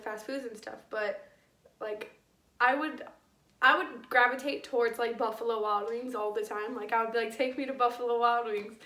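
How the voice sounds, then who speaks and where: A woman's voice: on the high side, bright, forceful tone. Young woman rambling through a frank storytime. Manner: rambling, lots of "like" and restarts, frank swearing. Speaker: vlogger. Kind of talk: casual storytime. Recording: echoey room, a bit far from the mic.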